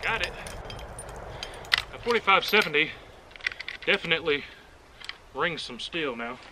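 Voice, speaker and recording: A man's voice: fairly high pitch, expressive, unhurried, background noise. A man hosting a casual outdoor shooting demonstration, talking in a folksy, joking and enthusiastic way, recorded on an action camera outdoors at a rural range. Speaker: firearms video host.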